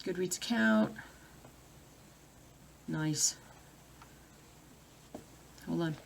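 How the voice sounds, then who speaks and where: A woman's voice: lowish voice, extremely slow, creaky. Chatty woman reading viewer comments. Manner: chatty, reads viewer comments aloud, distracted by her dogs. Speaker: cross-stitch vlogger. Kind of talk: casual live-stream chat. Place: home.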